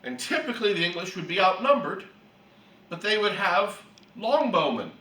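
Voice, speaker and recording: A man teaching a Bible class who tells stories with lively energy and often clears his throat. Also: sits high, moderate pace. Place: room for a church class. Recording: echoey room, distant mic.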